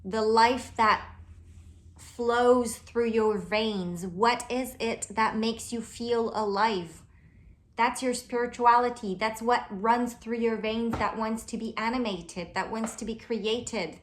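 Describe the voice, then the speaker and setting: Slow-speaking woman. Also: on the high side. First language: French. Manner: slow, dreamy, uses "like" often. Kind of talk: casual inspirational talk to camera.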